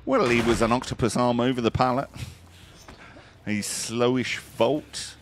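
A man's voice: medium pitch, fairly even intonation, measured pace, noisy background. A man hosting and casting a tournament live, giving play-by-play with irreverent jokes and banter. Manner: jokey, irreverent, with playful banter. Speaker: esports tournament caster and host.

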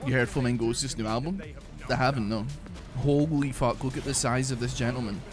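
A man streaming a video game in casual chat, excitable and sweary, breaking into shouts and laughter. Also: mid-range voice, brisk. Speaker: gaming streamer. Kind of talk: casual live-stream chat over gameplay. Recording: faint music behind.

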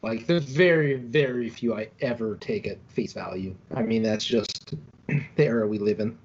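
A man's voice: lowish voice, normal speed. A man in a casual podcast chat, speaking in a blunt, skeptical way. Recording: dull audio with faint hiss.

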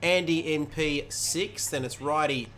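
A man doing energetic, chatty play-by-play commentary for a sim racing league stream, talking into a headset. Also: fairly high pitch, a little slow. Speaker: race commentator.

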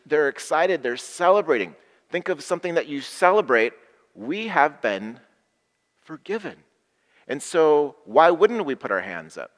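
A man preaching in a room with long reverb behind his voice. His pitch sits in the middle, and he asks the room questions before leading short phrases for everyone to repeat. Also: fairly bright tone. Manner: leads call-and-response prayers, repeating phrases. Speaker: pastor. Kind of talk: sermon to a live and online congregation.

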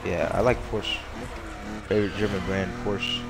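A man's voice: fairly low pitch, fairly even intonation, normal speed, creaky. A young man commenting casually over his racing game, rambling and joking at his own expense. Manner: rambling, self-mocking, laughs often. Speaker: gaming streamer. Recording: game music playing behind.

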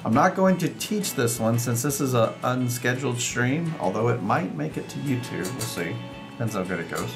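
A man walks through board game rules in a relaxed, conversational way, thinking out loud as he plays. His voice sits at an ordinary middle pitch. Light upbeat music runs faintly behind him. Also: normal speed. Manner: chatty, explains rules while playing. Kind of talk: casual live-stream rules explanation. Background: upbeat background music.

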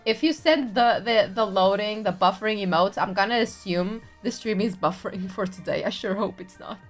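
A young woman VTuber streams a visual novel in a mid-range voice at normal speed, with soft music behind her. Giggly and playful, she laughs often and reads the characters' lines aloud casually as she comments on the game.

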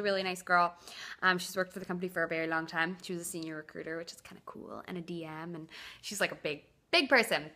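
Chatty young woman with a bright voice. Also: lowish voice. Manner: chatty and excitable, many "like" fillers. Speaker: vlogger. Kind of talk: casual talk to camera. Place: at home, indoors.

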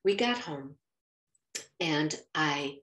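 A middle-aged woman and Bible teacher telling a personal faith story, expressive and acting out what people said. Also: low-pitched, drawn-out words, distant mic. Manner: expressive, acts out quoted speech. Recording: roomy echo, faint music.

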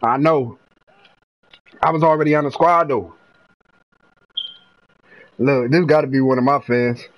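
A young man from North Carolina, giving live gameplay commentary full of profane trash talk and bursts of yelling. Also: medium pitch, fairly even intonation, a little slow, long pauses, lo-fi sound. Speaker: gamer streamer.

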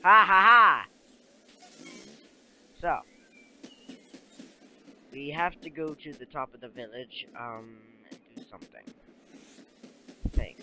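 A man's voice: medium pitch, background noise. A young man casually commenting on a game he is playing, rambling, giggling and talking to the characters on screen, recorded on a cheap new microphone. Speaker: let's play gamer.

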